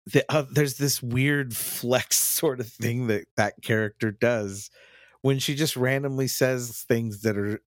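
On a clean studio recording with no echo, a man co-hosts a podcast in casual conversation, speaking at medium pitch and an unhurried pace. He's candid and profane, frequently restarts sentences, and imitates lines as he talks.

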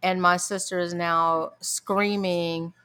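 A woman's voice: fairly low pitch, little pitch movement, takes it slowly, pushed and bright, clean tone. A middle-aged woman, a mother, animatedly telling a funny family story in casual chat and laughing often.

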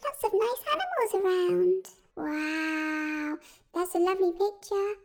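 A woman's voice: very high voice, animated, a little slow, pitched above the performer's own voice, full character voice. A woman voicing an eager, curious little child who listens to a story and worries about the doll.

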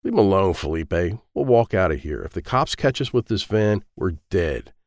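A man's voice: low-pitched, big pitch swings, normal speed, darkish tone, no room sound, clean studio sound. Ed, a man doing a nervous petty crook. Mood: anxious. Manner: anxious, pleading.

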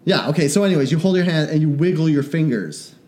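A man with a fairly high voice co-hosts a podcast in loose, comedic chat. He jokes around and rambles from one thought to the next. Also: animated, fast talker, darkish tone. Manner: joking, rambling, puts on bad British accents. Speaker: podcast co-host.

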